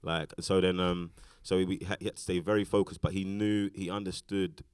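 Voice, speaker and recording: A man's voice: sits low, level tone, brisk, clear, resonant tone, no room sound, studio quality. A British man, an actor and interview guest, talking casually on a festival stage in a rambling way, with many fillers and restarts. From Britain. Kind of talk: casual onstage conversation.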